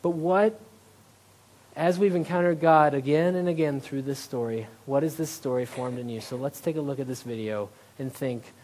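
This pastor has a medium pitch, normal speed, and darkish tone. His conversational sermon is sprinkled with "right?" tag questions and self-deprecating humor.

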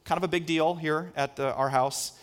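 A man with a somewhat high voice delivers a sermon. He talks earnestly and leans on rhetorical questions. He swings between hushed asides and emphatic lines. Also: steady tone, moderate pace. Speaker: pastor.

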